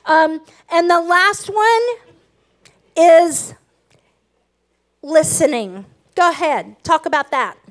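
Very high-voiced emphatic woman preaching. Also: slow, pauses often. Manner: emphatic, passionate, self-revealing. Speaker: pastor's wife and co-pastor. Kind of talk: sermon on marriage.

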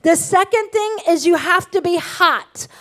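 A woman in middle age gives a sermon on marriage. Her voice sits very high, and she talks with emphatic, passionate candor. She is open about her own faults as she teaches. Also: measured pace, a bit bright. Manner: emphatic, passionate, self-revealing. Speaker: pastor's wife and co-pastor.

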